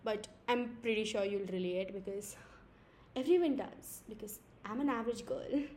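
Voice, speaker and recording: A young woman from India with a squeaky voice, rambling and giggling through an improvised podcast from home late at night. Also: normal speed, warm tone, a little hiss or hum. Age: young adult. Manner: giggly, rambling, self-mocking. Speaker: podcast host. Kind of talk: casual improvised podcast chat.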